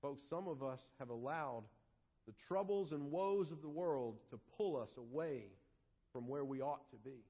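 A male pastor preaching a sermon, animated and acting out quoted voices. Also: medium pitch, moderate pace, big-room sound. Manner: animated, acts out quoted voices and shouts for effect. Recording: dull lo-fi sermon audio.

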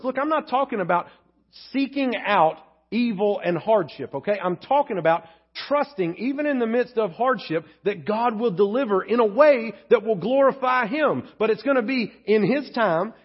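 A man's voice: high-pitched, breathy edge. A male pastor preaching a sermon, emphatic and candid, joking with the congregation. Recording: dull lo-fi sermon recording.

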